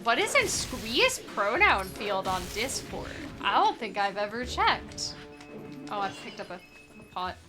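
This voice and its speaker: A woman's voice: medium pitch, sing-song, unhurried, over music. A young woman streaming a game, chatting playfully and rambling with lots of "like" as she plays. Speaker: streamer playing a randomized adventure game. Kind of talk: casual gameplay commentary.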